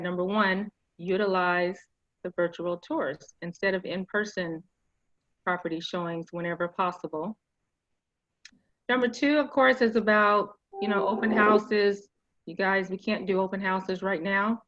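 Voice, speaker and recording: A woman's voice: medium pitch, fairly bright tone, no room sound, muffled recording. A middle-aged woman presenting an online real estate training session, speaking informally with lots of fillers and asides. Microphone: video call mic.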